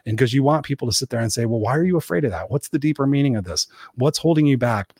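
A man hosting his own podcast, giving an energetic motivational solo talk in a coaching manner, casually swearing and acting out the voices of people he quotes. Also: mid-range voice, fast talker, slightly rough, no echo, clean studio sound. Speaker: podcast host.

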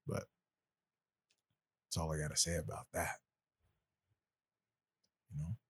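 A man's voice: a bass voice, flat delivery, takes it slowly, slightly rough. A man hosting a podcast in casual chat, loose, joking and rambling. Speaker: podcast host.

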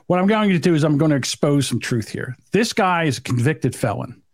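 Male podcast co-host, high lively voice, emphatic, dry sound. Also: brisk, dry recording. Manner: animated, emphatic storytelling. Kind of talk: casual chat.

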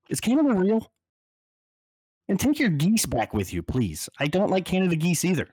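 A man on a sports panel show, talking casually and ranting in an exasperated, animated way. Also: high-pitched, moderate pace, husky, no room sound.

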